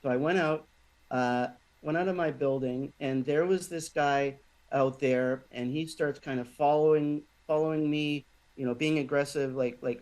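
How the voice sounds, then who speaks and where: Halting man telling a story. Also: a little high, steady tone, darkish tone, rough recording. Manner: halting, many restarts and fillers. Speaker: podcast guest. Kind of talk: conversational storytelling.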